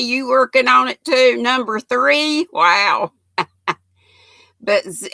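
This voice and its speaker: A woman's voice: mid-range voice, gravelly, bright, forceful tone, no room sound. An older woman, chatting folksily with viewers and reading their comments on a knitting livestream, laughing often. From United States.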